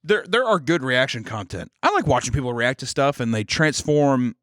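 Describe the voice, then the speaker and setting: A man's voice: medium pitch, animated, moderate pace, fairly bright tone, no echo, studio quality. A man co-hosting a podcast, talking in casual banter that is profane and rambling, with frequent restarts. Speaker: podcast co-host.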